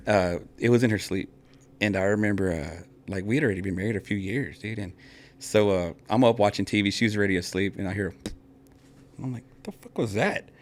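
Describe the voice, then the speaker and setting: Host, 30s man, brisk, lowish voice, animated storyteller. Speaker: podcast host. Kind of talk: casual chat.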